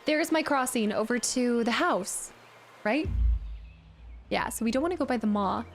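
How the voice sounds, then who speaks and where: A woman's voice: on the high side, expressive, normal speed, a little hiss or hum. A young woman streaming a game, chatting casually and joking around with silly voices. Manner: playful, jokey, trying out silly voices.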